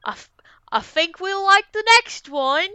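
A woman putting on a deliberately bad British accent as a joke, hammy and self-mocking. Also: very high voice, big pitch swings, pushed and bright, lo-fi sound, voice pushed up, exaggerated voice. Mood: playful.

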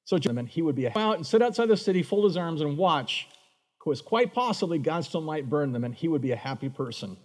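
Animated male preacher in an echoing hall. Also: on the high side, a little fast. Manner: animated, acts out voices of Bible figures. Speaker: pastor. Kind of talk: sermon.

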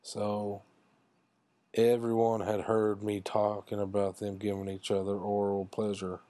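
A man's voice: on the low side, completely flat delivery, measured pace, warm tone, no room sound. A man casually telling a crude, self-mocking comic story in a rambling way.

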